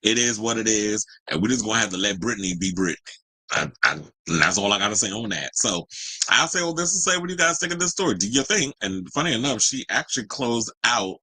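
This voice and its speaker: A man hosting a celebrity gossip show, talking in a sassy, animated way with slangy asides. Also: lowish voice, a little fast, slightly rough, dry recording, low-quality recording. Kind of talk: casual gossip commentary. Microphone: home streaming mic.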